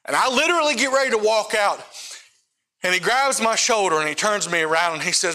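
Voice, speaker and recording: A man's voice: high-pitched, animated, a little fast, sharp tone. A middle-aged male missionary preacher telling a personal testimony in a casual, conversational way, often checking in with his listeners. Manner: casual storytelling with frequent asides to the audience. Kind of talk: sermon testimony.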